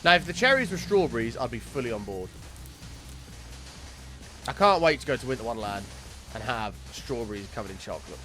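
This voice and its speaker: A young man chatting casually with viewers while streaming a game, excitable and swearing freely. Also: medium pitch, brisk, long pauses, faint music behind. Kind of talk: casual live-stream chat.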